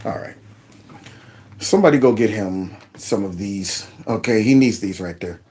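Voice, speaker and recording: A man hosting a video commentary, reacting to clips in an animated, sarcastic, conversational way. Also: fairly low pitch, moderate pace, background noise. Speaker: host.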